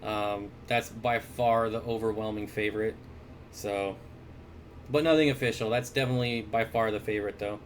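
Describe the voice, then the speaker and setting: A man hosting a casual livestream, reading viewer comments aloud and answering aquarium questions in a relaxed, chuckling way with lots of fillers. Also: fairly low pitch, normal speed, slight background noise. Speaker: aquarium store owner and livestream host. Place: indoors, at his fish room or store. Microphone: desk mic.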